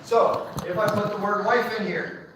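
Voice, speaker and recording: A man's voice: high voice, steady tone, a little slow, recorded from a distance, noisy background. Chatty male lecturer in an echoey hall. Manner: chatty, enthusiastic, checks in with "okay?". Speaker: university lecturer. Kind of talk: classroom lecture.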